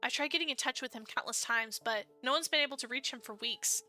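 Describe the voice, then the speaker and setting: A woman's voice: high voice, fast talker, pushed and bright, soft background music. A woman voicing a composed, polite female friend in a dating game. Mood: calm. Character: poised, loyal female friend and helper.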